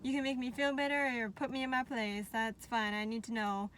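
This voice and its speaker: A woman vlogging casually to her viewers, chatty and animated, laughing often and a little out of breath. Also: fairly high pitch, fairly quick, slight background noise. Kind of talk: casual talk to camera.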